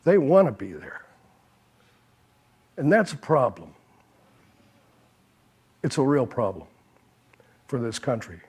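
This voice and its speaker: A man's voice: medium pitch, sing-song, takes it slowly, pauses often, a little mellow, husky. An older man speaking on a policy panel, telling anecdotes and acting out the people he quotes. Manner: anecdotal, quotes others, chuckles at his own stories.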